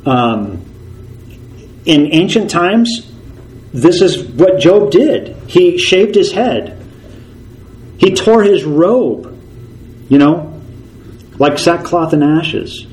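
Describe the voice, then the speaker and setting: A man's voice: fairly high pitch, animated, extremely slow, long pauses, darkish tone, low-quality recording. Earnest male pastor preaching. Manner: earnest, repeats key phrases for emphasis. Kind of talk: sermon.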